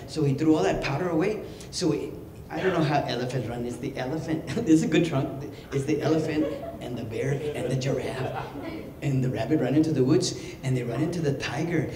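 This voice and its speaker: A man, a clown and comedian, telling a joke in an animated way and laughing at his own lines. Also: a little high. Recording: echoey hall with ambient noise.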